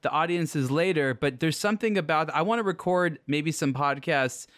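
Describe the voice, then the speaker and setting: A man's voice: fairly high pitch, normal speed, a bit bright, no echo, studio quality. A man co-hosting a podcast, thinking aloud with restarts in casual chat. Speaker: podcast co-host.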